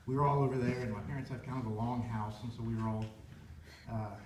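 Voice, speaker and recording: A man's voice: mid-range voice, fairly even intonation, fast. Young man, worship leader, rambling heartfelt story, distant mic, faint room hiss. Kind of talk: personal story before a worship song. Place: church sanctuary. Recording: echoey church room from far off.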